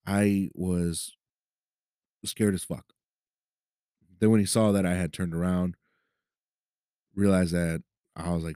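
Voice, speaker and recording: A man's voice: sits low, little pitch movement, takes it slowly, pauses often, warm tone, smooth, no room sound, clean studio sound. A man hosting a podcast, telling a personal story in a profane, conversational way and often asking "right?". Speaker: podcast host. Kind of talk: casual storytelling. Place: city of Los Angeles.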